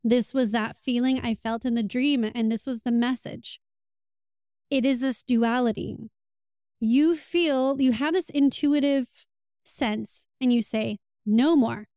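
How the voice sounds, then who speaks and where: Woman, casual advice monologue, earnest, smooth voice, dry close sound. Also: on the high side, fairly even intonation, slow pace, warm tone, dry recording. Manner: earnest, acts out quoted lines. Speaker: relationship advice vlogger.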